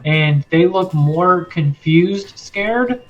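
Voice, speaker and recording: Rambling game master, slightly high voice. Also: male voice, very slow. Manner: loose and rambling, many fillers. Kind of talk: narrating a tabletop game. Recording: lo-fi with faint music.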